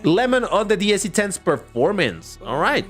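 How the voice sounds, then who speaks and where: A man's voice: sits high, big pitch swings, normal speed, a bit bright, soft background music. A man giving chatty, opinionated live commentary while racing in a mobile game. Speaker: livestreamer.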